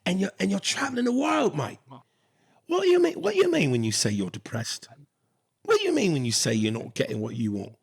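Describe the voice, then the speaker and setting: A man's voice: sits high, huge pitch swings, brisk, vocal fry, breathy edge, pitched above the performer's own voice, heavily acted. A man doing a gushing British film director. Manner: gushing, encouraging.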